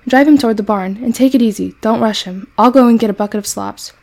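A woman voicing a calm middle-aged male farmer who gives easy, coaxing instructions. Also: fairly high pitch, quick pace, gravelly. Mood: calm firm.

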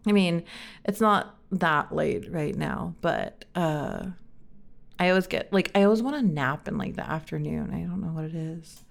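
A young woman chatting casually and rambling on her own, sounding tired and sleepy, with heavy vocal fry and many fillers. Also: sits low, expressive, a little slow. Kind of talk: casual solo chat.

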